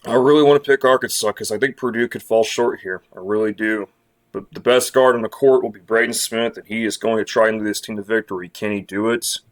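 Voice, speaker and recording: A man's voice: fairly low pitch, steady tone, brisk. A man talks through his bracket picks in a loose, off-the-cuff way. He is blunt and sarcastic and often rants, stumbling over his words and starting sentences again. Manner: blunt, sarcastic, ranting with many restarts. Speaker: sports commentator. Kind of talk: casual bracket predictions rant.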